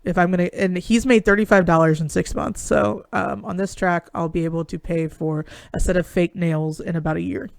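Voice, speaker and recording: A young woman co-hosts a loose sports chat with a bubbly, joking manner, dropping swear words as she goes. Her voice carries a gravelly fry, recorded close and dry. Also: lowish voice, fairly even intonation, fairly quick, hardly any pauses, dry recording. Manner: bubbly, swears casually, laughs often. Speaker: podcast co-host.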